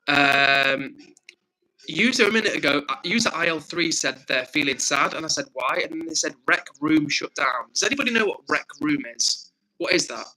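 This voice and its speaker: A young English livestream host, speaking at a moderate pace in an expressive, slightly high voice that's pushed and bright, reads chat messages and replies to viewers in a friendly, talkative way. He has a frog in his throat, and the recording is low quality.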